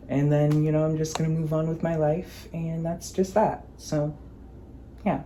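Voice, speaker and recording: A woman in her twenties telling a storytime vlog in an animated, sarcastic way, cursing freely. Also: low voice, normal speed, a little hiss or hum. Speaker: vlogger.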